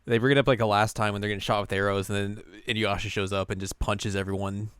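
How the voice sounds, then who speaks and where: A man co-hosting a podcast, casually recapping an episode and slipping into quick character voices as he retells scenes. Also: fairly low pitch, level tone, fairly bright tone, clear, resonant tone, no room sound, clean studio sound. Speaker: podcast co-host.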